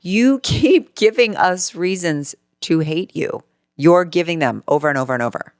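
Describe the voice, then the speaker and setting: A woman co-hosting a podcast in casual chat, reacting quickly and getting excited as she agrees. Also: lowish voice, dry recording, clean studio sound. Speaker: podcast co-host.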